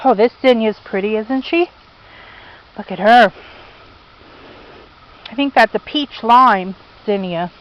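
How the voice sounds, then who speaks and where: A woman with a high voice talks slowly and casually as she walks through her garden outdoors. She chats to her pets along the way and grumbles about what she has lost. The sound is from a handheld camera. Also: dull audio. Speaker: vlogger. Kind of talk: casual garden tour vlog.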